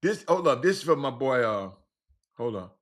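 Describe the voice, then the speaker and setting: A middle-aged man hosting a casual sports talk show, animated and repetitive, shouting out listeners by name. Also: medium pitch, normal speed, heavy background noise.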